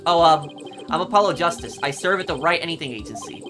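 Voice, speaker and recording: A woman's voice: deep voice, fast talker, background noise, lightly acted. A woman voicing an earnest young male rookie lawyer who answers in a hesitant, polite way. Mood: nervous.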